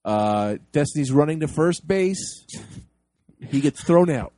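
A man narrates and directs a comedy sketch, bossy and quick to get exasperated. His pitch moves a lot and the sound is dry. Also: lively intonation, mellow, no room sound.

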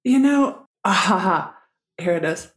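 Woman, pastor, guest, frank, reflective, lower voice. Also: animated, measured pace, reverberant. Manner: frank and reflective, with blunt swearing. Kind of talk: candid conversation.

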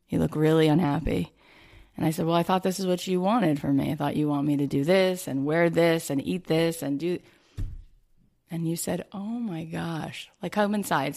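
A woman hosting a conversational interview, telling stories animatedly and acting out remembered dialogue. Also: low-pitched. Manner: animated storytelling, retelling dialogue. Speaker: podcast host.

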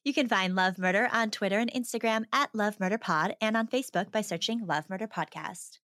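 A woman's voice: medium pitch, fairly quick, a bit bright, no room sound, clean studio sound. A woman co-hosting a podcast, casual and easygoing, reacting to her partner's story. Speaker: podcast co-host.

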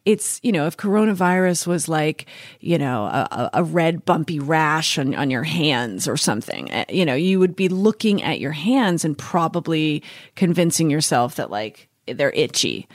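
A woman's voice: deep voice, moderate pace, no room sound, clean studio sound. A woman joining a podcast chat, telling stories with a laughing, teasing manner. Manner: laughing, teasing, animated storytelling. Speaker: guest partner. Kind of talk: casual chat.

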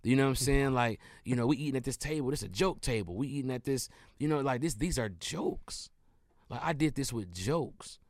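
A man's voice: mid-range voice, expressive, brisk, no room sound, studio quality. A man from Detroit, a comedian guest in his thirties, talking in a laid-back, rambling way in a casual interview. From Detroit, USA. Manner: laid-back, rambling, says "you know what I'm saying" a lot.

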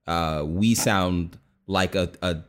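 An American man co-hosting a podcast, chatting casually in an animated, jokey, mock-exasperated way. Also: low voice, takes it slowly. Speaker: podcast co-host. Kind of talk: casual chat.

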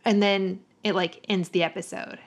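A woman co-hosting a casual podcast, recounting a TV episode's plot in order. She strings events together with "so" and "like", speaking at an everyday middle pitch for a woman. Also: fairly even intonation, normal speed. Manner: narrates plot step by step, filler "like" and "so". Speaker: podcast co-host. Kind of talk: casual chat recapping a TV episode.

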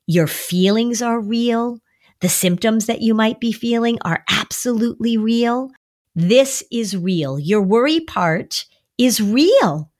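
Here a woman therapist in middle age offers parents warm, coaching advice on handling a child's worries in a chatty podcast format. Occasionally she plays the kid herself, putting on a high, whiny voice.

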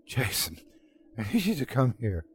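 A man's voice: medium pitch, very animated, measured pace, slightly rough. A man voicing a stammering, frightened young man. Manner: stammering, soft and shaky. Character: shaken young man haunted by hallucinations.

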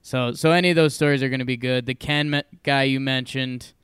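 A young man co-hosting a casual podcast, telling a story with lively energy and frequent laughs. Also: mid-range voice, a little fast, clear, resonant tone, dry recording, clean studio sound. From Connecticut, USA. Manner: animated storyteller, laughs often. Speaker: podcast co-host. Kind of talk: casual chat.

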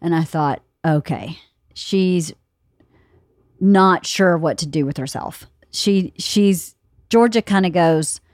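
Podcast host, fifties woman, lively storyteller who laughs a lot; dry close mic. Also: fairly low pitch, slow, no echo. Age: 50s. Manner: animated storyteller, laughs often, quotes others. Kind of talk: casual chat.

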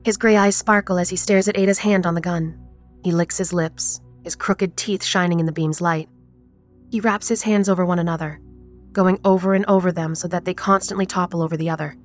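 A woman narrating a horror story in a measured, even storytelling manner. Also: lowish voice, faint music behind.

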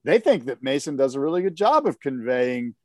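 A man co-hosting a podcast, chatting casually about surfing in an animated, rambling way with many fillers. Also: medium pitch, brisk, no room sound, clean studio sound. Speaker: podcast co-host. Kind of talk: casual surf talk chat.

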